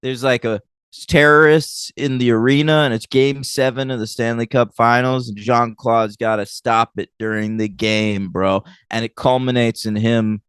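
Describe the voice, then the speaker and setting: A man's voice: mid-range voice, fairly even intonation, normal speed, fairly bright tone, clean tone, no echo. A man co-hosting a film podcast, chatting casually and animatedly, swearing and laughing often. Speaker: podcast co-host. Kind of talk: casual chat.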